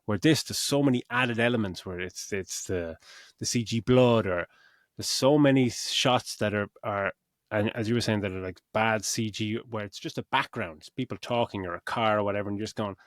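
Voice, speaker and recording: A man's voice: lowish voice, normal speed, dry recording. A middle-aged podcast co-host talks through a film review in a loose, rambling way, swearing freely and acting out his own reactions. His voice is recorded close and dry, with no room sound around it. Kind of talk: casual film review chat.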